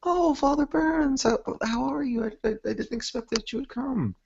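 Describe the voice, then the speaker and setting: A man's voice: extremely high pitch, normal speed, vocal fry, a little mellow, highs cut off, a little hiss or hum, voice pushed up. A man squealing as a gushing young girl. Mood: delighted. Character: excitable cheerful young girl in hospital bed.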